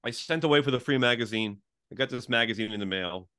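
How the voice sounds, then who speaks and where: A man's voice: mid-range voice, fast talker, sharp tone, clear, resonant tone. A middle-aged man talking as an interview guest, a former pastor, in casual storytelling, saying "like" often and acting out the people he quotes. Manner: chatty, peppered with "like", acts out quoted dialogue.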